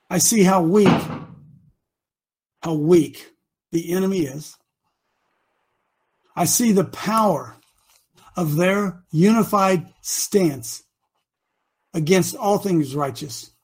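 A man leading a group as their coach, preaching with passion, often stammering over his words and sometimes shouting. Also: high voice, slightly rough. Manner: impassioned, stammering restarts, shouts at times. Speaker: group leader called Coach.

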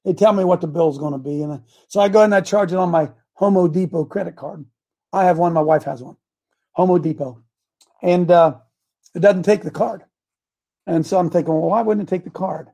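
A man's voice: sits high, brisk, warm tone. A man hosting an online group, telling a rambling story with many restarts. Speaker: host.

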